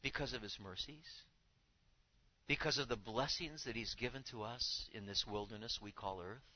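A pastor preaches to his congregation with animated emphasis, occasionally acting out the voices of the people he quotes. His voice is medium-pitched at a moderate pace, captured with lo-fi sound.

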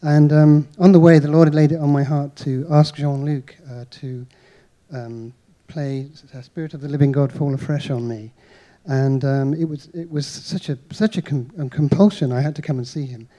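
A man's voice: a little high, steady tone, normal speed, dark tone. A man from the congregation sharing a hesitant testimony, full of fillers. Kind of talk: spoken testimony.

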